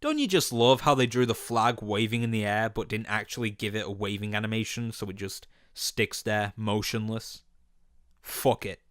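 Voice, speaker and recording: A man's voice: lowish voice, normal speed, a bit bright. A man giving comedic cartoon-review commentary in an incredulous, sarcastic and profane manner.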